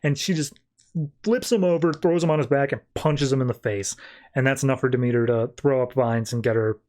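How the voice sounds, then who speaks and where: A man's voice: medium pitch, a little fast, a little mellow. A man hosting a podcast, casually recapping a comic in a chatty, rambling way full of 'like'. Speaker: podcast host.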